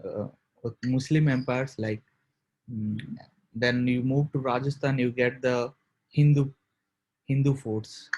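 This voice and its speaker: An Indian-accented man practices English conversation with a tutor over a video call. He talks in a halting way, repeating words while searching for vocabulary. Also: mid-range voice, fairly even intonation, darkish tone, poor audio. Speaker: English learner.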